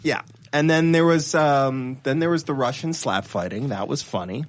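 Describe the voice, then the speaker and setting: A man in a relaxed podcast conversation, rambling through stories and often breaking into laughter. His voice sits at an ordinary middle pitch, and he trips over his words and restarts as he goes. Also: normal speed. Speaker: podcast co-host. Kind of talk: casual panel chat.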